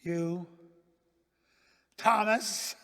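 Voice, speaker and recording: A male pastor preaching a sermon in a church, swinging dramatically from loud declarations to hushed near-whispers. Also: sits high, fairly even intonation, drawn-out words, gravelly, long reverb tail.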